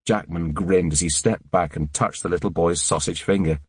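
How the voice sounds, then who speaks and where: Deep-voiced man narrating a thriller. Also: fairly even intonation, moderate pace, darkish tone, husky, no echo, studio quality. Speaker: audiobook narrator. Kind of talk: scripted narration.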